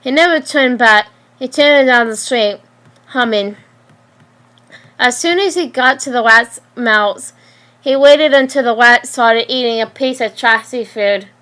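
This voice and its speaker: A woman reading her own story aloud, halting, with frequent restarts and slips. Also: on the high side, sharp tone.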